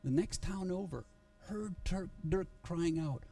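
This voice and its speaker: A male pastor telling a story in a sermon, earnest and halting, with frequent restarts, recorded in a church. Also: high-pitched, vocal fry, dark tone, far from the mic, soft background music.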